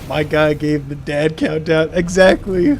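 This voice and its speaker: A man's voice: on the high side, fairly even intonation, unhurried, slight background noise. A young man streaming, telling a story casually and reading chat comments aloud, laughing now and then.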